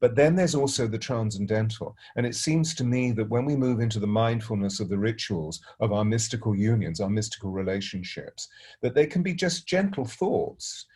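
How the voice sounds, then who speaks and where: Middle-aged male spiritual teacher, husky, low-ish voice, soft reflective storytelling. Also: expressive. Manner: gentle, unhurried, halting with many restarts.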